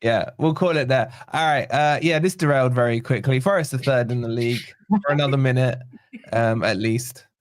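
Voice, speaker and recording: A man's voice: medium pitch, a little fast. A man hosting a football fan chat on a video call, teasing the others and wrapping up the show. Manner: teasing, runs the show and wraps up. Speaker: host of a fan channel show. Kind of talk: casual chat.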